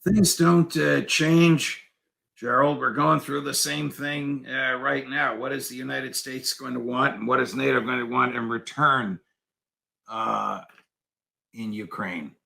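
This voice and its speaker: A man talking as a guest in a political interview, deliberate and emphatic, lecturing on history. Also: mid-range voice, fairly even intonation, gravelly, bright, forceful tone, low-quality recording. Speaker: guest commentator.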